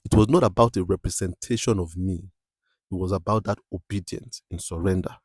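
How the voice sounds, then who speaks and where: A young adult man hosting a podcast, talking in an emphatic, preachy way and often asking "you understand?", with his voice climbing high when he presses a point. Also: brisk, a little mellow, breathy edge, no echo, clean studio sound. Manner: rises sharply in pitch when stressing a point. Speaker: podcast host. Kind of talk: motivational podcast monologue.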